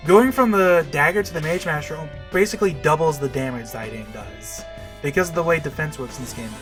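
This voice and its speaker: A man's voice: a little high, brisk, music in the background. A man giving casual, chatty gameplay commentary, explaining game mechanics and poking fun at himself. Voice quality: chatty, self-deprecating, explanatory. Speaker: let's play commentator.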